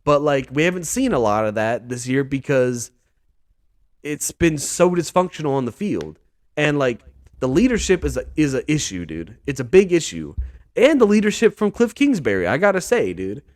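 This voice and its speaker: A man's voice: a little high, very animated, normal speed, no echo, studio quality. A man hosting a sports vlog, talking in a casual, rambling monologue full of "dude" and "bro".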